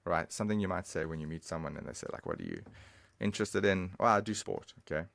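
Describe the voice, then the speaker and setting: A man's voice: sits low, wildly swooping pitch, fast talker, gravelly, fairly bright tone, no room sound. A man giving a casual, chatty online language lesson, talking straight to the viewer. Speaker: language teacher.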